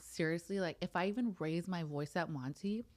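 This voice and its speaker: A young adult woman co-hosting a casual sister chat, blunt and animated, swearing as she tells stories. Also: lowish voice, moderate pace. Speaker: podcast co-host.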